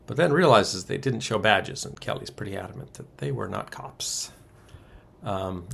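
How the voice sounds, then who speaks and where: A man with a gravelly, slightly husky voice talks through a casual recap. His pitch rises and falls a lot as he drops wry asides and chuckles between the ums. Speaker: podcast co-host recapping a soap opera.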